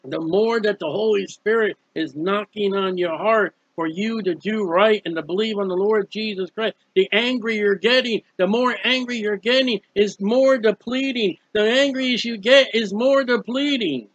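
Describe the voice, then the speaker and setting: Earnest high-voiced preacher, dull dry recording. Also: male voice, normal speed, few pauses, a bit bright, dry recording. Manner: earnest, pleading, repetitive phrasing. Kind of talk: sermon-style hymn commentary.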